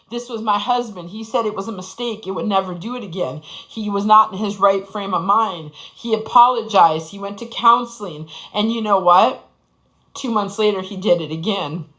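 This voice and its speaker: A woman's voice: medium pitch, sharp tone, poor audio. A woman in her forties giving an impassioned, profane personal testimony, repeating phrases for emphasis. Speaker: speaker sharing her story.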